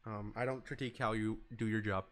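A man's voice: fairly low pitch, steady tone, fast, a bit bright. A young man live-streaming, chatting casually with a joking, sarcastic, swearing manner.

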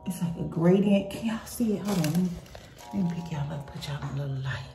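A woman's voice: deep voice, fast, vocal fry, mellow, roomy sound, soft background music. Gushing fifty-something woman vlogger. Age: 50s. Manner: gushing, chatty, talks straight to viewers. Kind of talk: casual vlog unboxing and travel chat.

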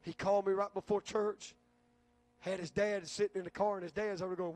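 High-voiced male pastor telling folksy stories. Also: little pitch movement, moderate pace, pauses often, a little mellow, no room sound. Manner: folksy storytelling, repeats words when he restarts. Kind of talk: sermon.

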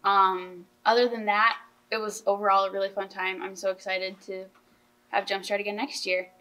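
A teenage girl hosts a casual school podcast with a bright, forceful tone. She sounds earnest and enthusiastic and often restarts her sentences. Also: medium pitch, little pitch movement, normal speed, poor audio. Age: teens. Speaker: podcast host. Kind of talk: casual chat.

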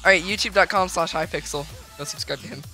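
A man's voice: fairly high pitch, fast talker, rough recording. A young man chatting and joking casually while playing a game with friends. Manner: joking, rambling. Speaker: gamer. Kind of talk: casual chat over gameplay. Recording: background music track.

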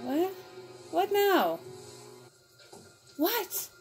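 A woman hosting a TV reaction video, talking back to the screen in an expressive, exclaiming way. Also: extremely high pitch, very slow, over music. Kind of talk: casual TV reaction commentary. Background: TV episode audio playing.

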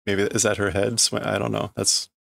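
A man reading a comic aloud on a stream, translating it line by line in a halting way as he thinks it through. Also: on the low side, little pitch movement, gravelly, fairly bright tone, dry recording. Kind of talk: casual read-through stream.

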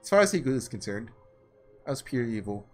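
A man voicing an earnest, principled young ruler, reading in a measured, formal way. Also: mid-range voice, very animated, soft background music, pitched below the performer's own voice, natural voice.

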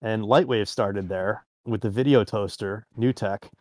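Man, low voice, rambling casual chat, dry sound. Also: fairly even intonation, a little slow, darkish tone, dry recording. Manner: rambling, trails off. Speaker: podcast co-host.

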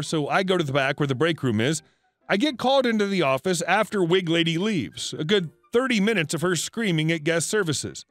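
A man with a high voice reads out a written story in an even, steady narration. The sound is dry and close, with no room around it. Faint music runs underneath. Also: no room sound. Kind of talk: scripted narration.

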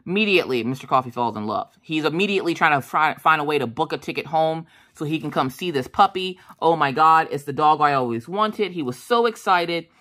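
A woman's voice: low-pitched, a little fast, few pauses. A woman craft vlogger chatting casually as she tells a story, acting out the voices in her quotes. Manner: animated, acts out voices in quotes; chatty, with many fillers and asides.

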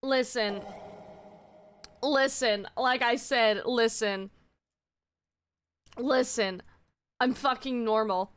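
A woman's voice: on the high side, fairly even intonation, very slow, long pauses, fairly bright tone. A woman live-streaming, chatting casually, giddy and swearing a lot, repeating herself over and over.

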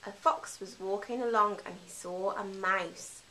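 A woman's voice: mid-range voice, steady tone, measured pace, hardly any pauses, bright, forceful tone, rough recording. A woman teacher telling a children's story simply and animatedly, with lots of character voices.

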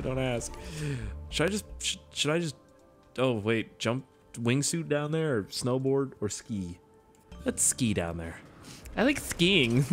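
A man giving excitable, swearing let's-play commentary as a gaming YouTuber. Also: medium pitch. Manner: excitable, swears a lot, laughs at own jokes.

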